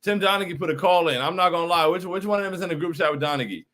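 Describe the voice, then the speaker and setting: A young man hosting a postgame livestream reacts to chat with frustration, repeating himself and saying "bro" a lot. His high voice races along with a fairly bright tone.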